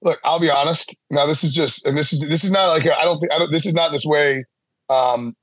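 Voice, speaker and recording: A male sportswriter chatting as a podcast guest. His voice sits a little high, and he rambles in a self-deprecating way, laughing often. The recording is dry and close. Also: brisk, a bit bright, dry recording. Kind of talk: casual sports chat.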